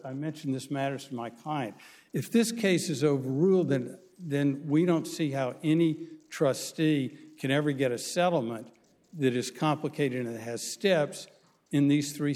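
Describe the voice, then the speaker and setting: A man arguing a case as a lawyer before a court, measured and halting with frequent restarts. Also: fairly high pitch, darkish tone, in a large hall. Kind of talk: courtroom oral argument.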